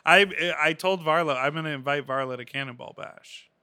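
Very bright, chatty male co-host. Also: on the high side, moderate pace, clean tone, dry recording. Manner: chatty, giggly, rambling. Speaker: podcast co-host. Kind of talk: casual chat.

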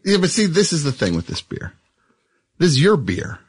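A man's voice: a little high, big pitch swings, moderate pace, slightly rough, no room sound. A man hosting a talk show, teasing his guest and pressing him again and again to admit something, in casual joking chat. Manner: teasing, insistent, repeats himself. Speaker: host.

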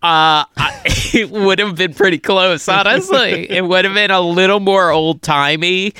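Man, podcast co-host, higher pitch, bright and clear, jokey riffing. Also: measured pace, no echo. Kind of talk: casual podcast chat.

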